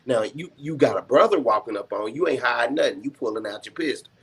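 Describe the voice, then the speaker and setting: Husky, heated man in casual talk. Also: mid-range voice, expressive, quick pace. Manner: passionate, swears a lot, apologizes after outbursts. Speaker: panel talk show co-host.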